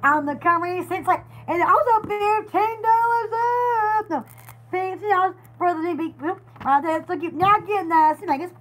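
Very high-voiced chatty woman. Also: normal speed. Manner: chatty, giggly, scattered, stumbles and repeats. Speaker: live-stream seller. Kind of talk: casual live sale chat.

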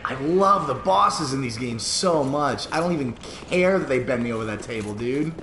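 A man giving live gameplay commentary, swearing and yelling at the game in sudden outbursts, with sarcastic self-mocking asides. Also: medium pitch, expressive, moderate pace, a little hiss or hum. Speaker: gamer streaming live. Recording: roomy with loud background sound.

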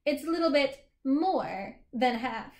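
Precise, cheerful storybook boy, high-pitched and explaining, read by a woman. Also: animated, slow, echoey room, full character voice. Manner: matter-of-fact, explaining. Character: precise, cheerful little boy who is half a child.

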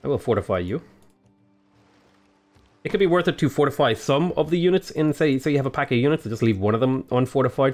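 A man with an Australian accent casually talking through a strategy game tutorial, explaining his moves in a relaxed way. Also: mid-range voice. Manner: relaxed, explanatory, frequent "uh" and "go ahead". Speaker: gaming YouTuber.

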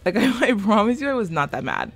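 A woman's voice: medium pitch, big pitch swings, fast talker, faint music behind. Rambling, swearing woman in her twenties. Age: 20s. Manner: rambling, self-deprecating, swears a lot. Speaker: gaming YouTuber. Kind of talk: casual let's-play commentary. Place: small room with a fan running.

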